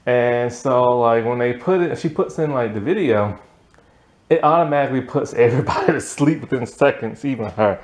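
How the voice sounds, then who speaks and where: Late at night and drowsy, this man talks through a cartoon episode in an easygoing review. He speaks at normal speed with a medium-pitched voice, rambling and leaning heavily on "like" as filler.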